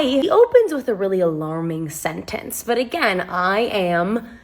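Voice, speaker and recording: A woman telling a comic storytime for a vlog, animated and wry, with sarcastic asides and sudden jumps up in pitch. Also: measured pace.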